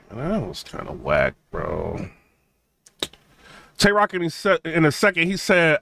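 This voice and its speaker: A man talks casually to his viewers, rambling and drawling filler words. His pitch swings up and down in an animated way. The sound is dry, with no room echo. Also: a little slow, gravelly, pauses often. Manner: laid-back, rambling, drawls "man" and "bro", laughs between points. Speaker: channel host reviewing a rap battle.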